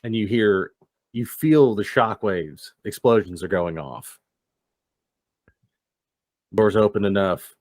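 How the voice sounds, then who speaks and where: A man runs a tabletop game as game master, narrating the scene in a relaxed, loose manner. His voice sits fairly low. The sound is dry and close, with no room around it. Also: takes it slowly, long pauses, no room sound. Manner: relaxed, descriptive, loose with fillers.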